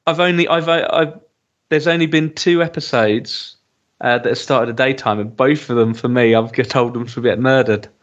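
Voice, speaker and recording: A man's voice: mid-range voice, steady tone, normal speed, highs cut off. A man co-hosting a podcast, chatting casually about a TV episode with lots of ums and restarts. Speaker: podcast co-host. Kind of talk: casual chat reviewing a TV episode.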